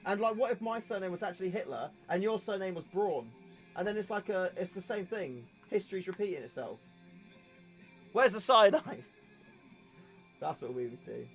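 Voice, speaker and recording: A man's voice: high-pitched, lively intonation, normal speed, long pauses. A young man hosting a casual livestream, chatting and joking in a rambling way. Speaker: livestream host. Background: faint music.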